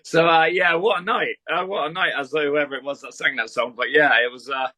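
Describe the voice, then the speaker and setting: A man's voice: a little high, steady tone, a little fast, pushed and bright. A man, a podcast guest, rambling through a story in casual chat and swearing freely.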